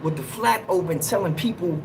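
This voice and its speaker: A man hosting a livestream, telling a story in a casual, slangy, animated way and acting out what people said. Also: high-pitched, brisk, vocal fry, background noise. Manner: animated, slangy, acts out quotes in raised yells. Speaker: livestream host.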